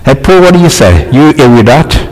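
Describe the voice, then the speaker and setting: Preacher in a reverberant hall. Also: male voice, medium pitch, very animated, normal speed, a little mellow. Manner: reads scripture aloud, then banters and quizzes listeners. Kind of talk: sermon with Bible reading and questions to the congregation.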